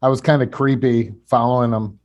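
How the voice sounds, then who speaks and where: A man's voice: mid-range voice, steady tone, brisk, darkish tone, dull audio. A man co-hosting a podcast, telling casual anecdotes with laughter and swearing. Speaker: podcast co-host.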